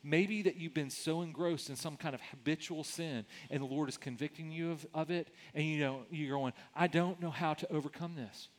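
A man's voice: a little high, moderate pace, hardly any pauses. A middle-aged man, a pastor, preaching a sermon in a conversational way, often repeating words as he starts sentences.

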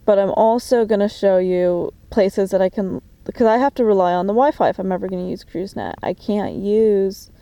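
A woman talking to a phone camera in a diary-like monologue, agitated and suspicious, swearing often, with many fillers and halting restarts. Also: medium pitch, mellow, dry recording, dull audio.

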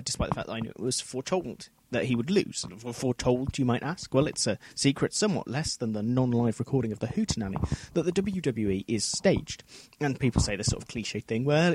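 A man's voice: medium pitch, a little mellow, slight background noise. A man co-hosting a podcast, recording a rambling, self-deprecating solo segment. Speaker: podcast co-host.

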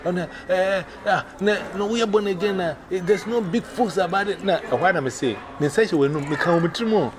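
A man with a Ghanaian accent telling a personal testimony in a casual, animated way, switching between Twi and English. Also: sits high, fairly quick, hardly any pauses, crowd noise. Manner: mixes Twi and English, animated retelling with quoted voices. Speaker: evangelist. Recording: audible background noise.

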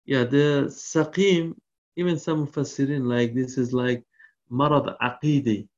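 A man's voice: medium pitch, steady tone, darkish tone. Man teaching Quran commentary, lo-fi recording. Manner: recites Arabic verses quickly, then explains in halting English; frequent restarts and fillers. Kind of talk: explaining lecture. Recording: dull lo-fi recording.

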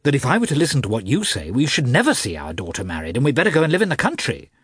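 A man's voice: wildly swooping pitch, fairly bright tone, breathy edge, no echo, studio quality, exaggerated voice. A man reading an audiobook voices an anxious older aristocratic mother who pleads with her husband, nearly in tears. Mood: pleading. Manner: pleading, flustered, slow and high.

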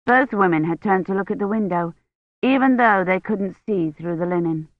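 A woman reading a novel aloud as an audiobook narrator in a measured, even storytelling manner, in a dull, lo-fi recording. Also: mid-range voice, no room sound. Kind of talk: scripted narration. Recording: dull, lo-fi, dry.

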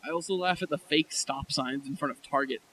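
A man's voice: a little high, fairly quick, bright, forceful tone, slight background noise, rough recording. A young man in casual chat, rambling and laughing often as he complains.

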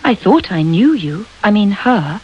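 A woman's voice: medium pitch, big pitch swings, a little slow, darkish tone, breathy edge, highs cut off. A woman voicing a thoughtful young schoolgirl who speaks candidly and musingly.

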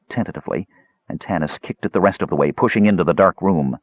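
A man narrating a fantasy story in a dramatic, expressive reading. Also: deep voice, fast, slightly rough, no echo, highs cut off. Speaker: audiobook narrator.

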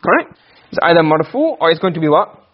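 A man teaching Arabic grammar to a class, asking questions and answering them himself, and reciting verses slowly. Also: fairly high pitch, very animated, dull audio. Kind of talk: classroom lecture.

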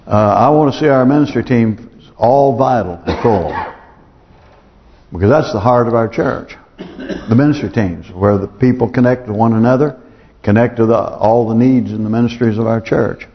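A man's voice: medium pitch, normal speed, a little hiss or hum. A man preaching as pastor in a church, earnest and pleading, repeating phrases for emphasis. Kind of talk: sermon. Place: church sanctuary. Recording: dull sound with long hall reverb.

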